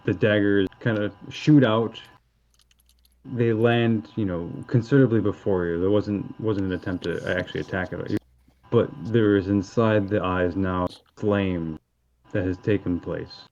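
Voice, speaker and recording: A man narrating a tabletop game as game master, halting and descriptive. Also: fairly low pitch, darkish tone. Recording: dull lo-fi audio.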